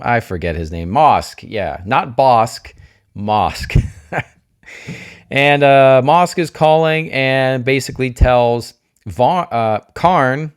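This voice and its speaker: Chatty man thinking aloud. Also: medium pitch. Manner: thinks aloud, questions himself, jokey asides; openly emotional, gushing. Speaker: TV show reviewer. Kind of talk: casual spoiler review.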